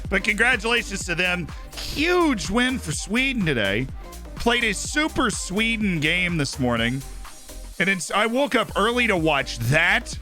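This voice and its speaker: A man's voice: sits high, very animated, a little slow, pushed and bright, soft background music. A man hosting a live stream, chatting casually about football and rambling with lots of "right?" and "like". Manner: rambling, tags "right?" and "like" often.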